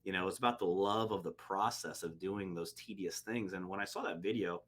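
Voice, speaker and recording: A man with a very deep voice, speaking as a podcast host in an earnest, motivational way. He builds his point step by step, with casual asides. His tone stays conversational. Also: fairly quick, fairly bright tone. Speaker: podcast host, real estate agent. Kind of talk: casual interview chat.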